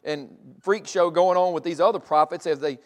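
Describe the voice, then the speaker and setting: Animated preacher man. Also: on the high side, moderate pace. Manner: animated, mixes scripture reading with football talk. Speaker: pastor. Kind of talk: sermon.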